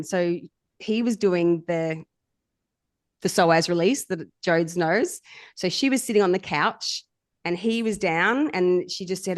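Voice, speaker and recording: A woman's voice: on the low side, unhurried, no room sound, studio quality. A woman, a somatic coach guesting on a podcast, telling stories animatedly and laughing often. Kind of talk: storytelling in casual chat.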